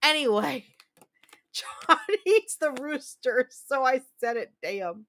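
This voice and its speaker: A candid woman in her late thirties chatting with her livestream viewers, her voice sitting a little high. She swears freely and launches into stories. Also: expressive, slow pace, a bit bright, slight background noise. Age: 30s. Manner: candid, profane, chatty storyteller. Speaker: livestream host. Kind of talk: casual chat reading viewer comments.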